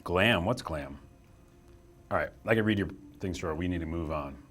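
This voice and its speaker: A young man with a low voice chats his way through a live stream, joking at his own expense and reading viewers' messages aloud. He sits in a small office room at a desk mic. Faint music plays behind him. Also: normal speed, fairly bright tone. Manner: chatty, self-deprecating, reads chat aloud. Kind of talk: casual live stream chat.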